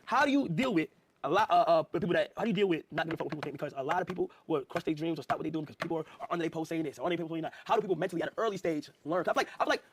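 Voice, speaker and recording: A man's voice: on the high side, rapid-fire, noisy background. A young man hosting a stream, asking casual, rambling questions in slang and restarting them as he goes. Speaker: streamer host.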